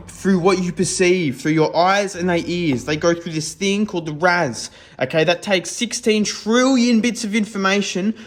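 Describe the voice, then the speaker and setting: An Australian man giving a raw, unscripted self-help talk in a casual, sweary way, checking in with "okay?" often. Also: high-pitched.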